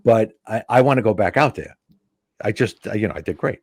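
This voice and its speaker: A middle-aged male comedian telling a backstage story as a guest, lively and acting out the people in it. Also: fairly low pitch, brisk, breathy edge, no room sound, clean studio sound. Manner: animated, acts out voices in anecdotes. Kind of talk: casual storytelling.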